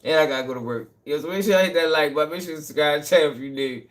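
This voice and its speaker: A man's voice: on the high side, rapid-fire. A young man hosting his own live stream, ranting in a heated casual way, cursing, repeating himself and laughing between points. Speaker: channel host.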